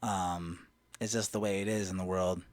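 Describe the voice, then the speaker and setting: A man's voice: sits low, fairly even intonation, moderate pace, no room sound. A man telling a personal story in a blunt, emphatic and emotional way. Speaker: vlogger.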